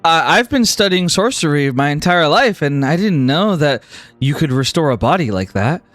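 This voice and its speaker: A man's voice: on the high side, sing-song, moderate pace, a bit bright, no room sound, soft background music. A man voicing an earnest, curious young woman sorcerer in a tabletop role-play. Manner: earnest and hopeful.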